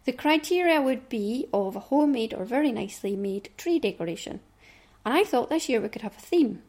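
With a slightly high, slightly mellow voice, lively intonation and a fairly quick pace, a middle-aged Scottish woman chats casually on her knitting podcast. She rambles and drops little asides under her breath.

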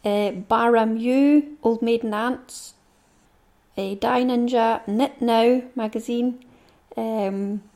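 A woman's voice: fairly high pitch, fairly even intonation, takes it slowly, a little mellow. A middle-aged woman, hosting her own podcast in a chatty, rambling monologue and reading through a long list. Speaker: knitting podcast host. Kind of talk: casual monologue.

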